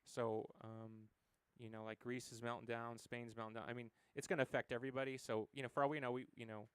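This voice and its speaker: A man's voice: medium pitch, little pitch movement, fast talker, clear, resonant tone, dry recording. A man in his forties from the United States, a musician telling stories as an interview guest, rambling with many fillers and acted quotes. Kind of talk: casual interview conversation.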